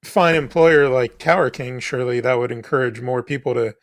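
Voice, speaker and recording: A man with a mid-range voice plays in a tabletop game. He pitches a business idea like a salesman, repeating words and filling gaps with "uh". The sound is dry and close. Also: moderate pace, no echo. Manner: mock sales pitch, hesitant with fillers. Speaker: player. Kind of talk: casual banter in a tabletop game.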